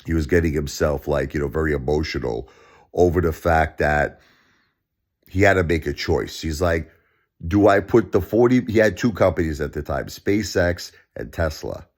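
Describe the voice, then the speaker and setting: A man delivering a ranting vlog commentary, impassioned and emphatic, repeating himself and swinging up into shouts. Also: very deep voice, moderate pace. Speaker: vlogger.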